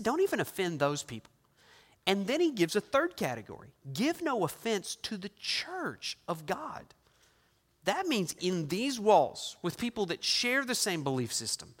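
A middle-aged man preaches a sermon as pastor in a church sanctuary, emphatic and building his points through repeated phrases. His voice is high with a fairly bright tone, captured with long hall reverb.

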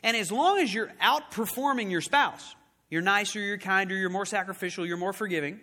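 A man preaching a sermon with emphatic rhetorical questions, swinging between loud urgent lines and hushed ones. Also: high-pitched, fairly quick, big-room sound. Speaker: pastor.

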